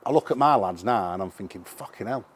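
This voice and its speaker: Low-ish sheffield bloke, middle-aged, rattling off sweary stories in an interview. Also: male voice, fast talker, breathy edge. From England. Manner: animated, sweary anecdotes. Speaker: musician guest. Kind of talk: casual interview storytelling.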